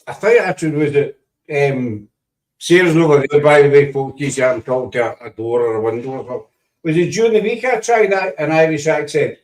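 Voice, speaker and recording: A man's voice: on the high side, fairly quick. A man with a Scottish accent hosting a podcast in a teasing, playful, chatty way. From Scotland. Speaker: podcast host. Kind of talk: casual chat. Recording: voice distant from the mic.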